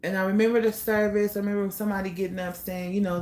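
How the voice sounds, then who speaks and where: A young woman telling her own life story in a candid, blunt way, pausing often with fillers. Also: mid-range voice, level tone, darkish tone. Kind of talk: personal storytelling monologue.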